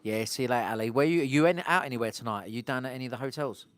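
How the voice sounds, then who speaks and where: The voice is a man's, medium in pitch and very fast, with no room sound. He's an Englishman hosting a casual street live stream outdoors, rambling along and stopping mid-thought to talk with viewers.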